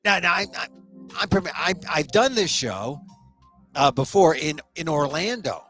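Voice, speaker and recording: A middle-aged man from the United States hosting a small talk show, delivering a sarcastic comedic monologue with quick restarts. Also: fairly high pitch, expressive, a bit bright, faint music behind. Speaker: host.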